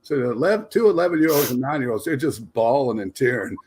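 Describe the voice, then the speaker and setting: A man's voice: medium pitch, lively intonation, fast, a little mellow, breathy edge. A man telling funny family stories on a talk panel, laughing as he goes. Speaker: panelist parent. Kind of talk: casual storytelling.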